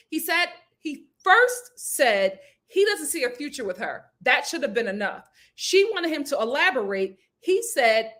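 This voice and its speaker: Woman chatting to her viewers about a show, kinda high voice, super lively, swings all over. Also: moderate pace, few pauses. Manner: animated and expressive, acts out quotes with big pitch jumps; talks straight to viewers, candid and opinionated. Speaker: host reviewing a reality show. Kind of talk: casual chat.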